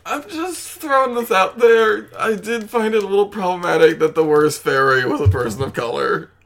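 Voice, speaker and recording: A man's voice: high-pitched, animated, moderate pace, gravelly, a bit bright. Wry, rambling man recapping a film. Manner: rambling, hedging with fillers, wry. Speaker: podcast co-host. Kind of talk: casual movie recap chat.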